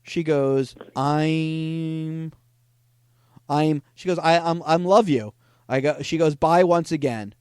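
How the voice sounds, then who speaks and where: A man hosting a podcast, casually retelling chat conversations with a deadpan, joking manner. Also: on the high side, takes it slowly, clear, resonant tone, dry recording, studio quality. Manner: deadpan retelling, frequent "I go, she goes". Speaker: podcast host reading scam chats.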